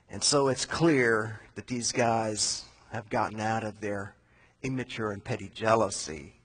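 Husky-voiced preacher telling a story. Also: male voice, medium pitch, unhurried, poor audio. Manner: casual, animated storytelling with slang asides. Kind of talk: sermon retelling a Bible story, conversational.

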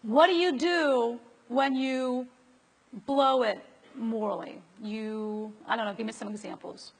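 A woman's voice: on the high side, steady tone, slow, vocal fry, husky. A woman preacher giving a conversational sermon and asking her listeners rhetorical questions. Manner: asks the audience rhetorical questions. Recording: long reverb of a large hall.

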